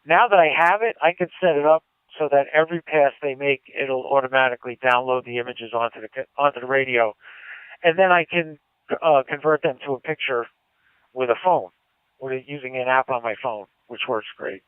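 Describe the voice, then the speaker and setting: Ham operator on air, a man explaining his gear with enthusiasm, clear voice through a tinny radio link. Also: medium pitch, a little fast, no room sound. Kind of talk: casual radio chat.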